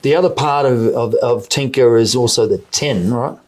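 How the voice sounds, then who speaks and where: A man with a New Zealand accent speaks in a middle-pitched, ordinary voice. He is a company chief executive in an investor interview who stumbles and repeats words as he works through his answers. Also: a little mellow. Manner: halting, repeats words while explaining. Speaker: mining company CEO.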